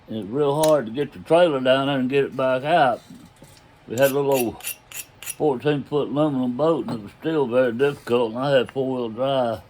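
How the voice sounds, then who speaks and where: A man's voice: mid-range voice, brisk, a little mellow, a little hiss or hum. An older man telling a story about his own past in a casual, folksy way. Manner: folksy drawl, loose grammar, chuckles as he tells it.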